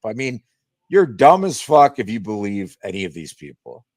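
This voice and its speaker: A man's voice: on the low side, big pitch swings, normal speed, a little mellow, dry recording. A man in a casual commentary chat, blunt and dismissive, swearing freely. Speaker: stream guest.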